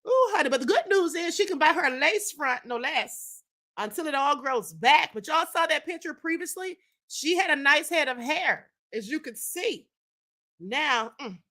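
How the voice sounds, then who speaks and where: A woman's voice: sits high, expressive, moderate pace, sharp tone. A woman hosting a live stream, reading viewers' chat comments and chatting casually in a sassy tone, often calling her listeners "honey" and "child.".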